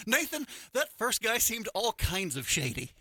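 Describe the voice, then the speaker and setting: Lively, animated radio host man. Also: sits high, slow, no echo. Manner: animated storytelling with acted-out quotes. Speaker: radio morning show co-host. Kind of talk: casual radio chat. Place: radio studio. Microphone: studio microphone.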